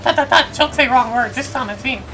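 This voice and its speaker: A woman's voice: high voice, a little fast, natural voice, low-quality recording. A woman voicing a small boastful male creature who talks in broken, childlike grammar, with game music behind. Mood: excitable.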